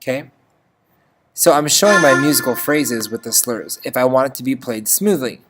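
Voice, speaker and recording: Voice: mid-range voice, normal speed, background noise. Chatty music teacher checking in with "okay?". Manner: chatty, checks in with frequent "okay?", sings notes. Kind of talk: screen-recorded notation lesson.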